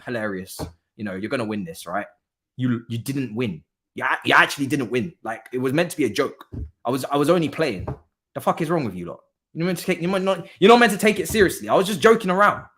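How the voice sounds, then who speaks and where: A man's voice: fairly high pitch, fast, a bit bright. A man hosting a live football watchalong stream, teasing, swearing and laughing at a rival club's defeat. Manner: swears freely in slangy chat. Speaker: streamer host.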